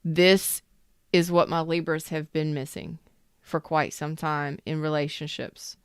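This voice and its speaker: A woman's voice: deep voice, little pitch movement, unhurried, clean tone, no echo, clean studio sound. A woman hosting a live tarot reading, casual and emphatic, repeating phrases and chatting with viewers. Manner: talks to viewers in the chat.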